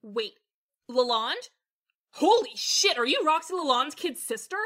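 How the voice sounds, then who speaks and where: The narrator voicing a brash, loud young woman gamer who brags and gets excitable, pitched well above their own voice. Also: normal speed. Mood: excited.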